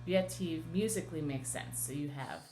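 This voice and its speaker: A woman's voice: sits low, moderate pace, dark tone. A woman cantor teaching a class on Torah chanting, explaining patiently and singing short chanted examples. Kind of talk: class lesson with sung examples.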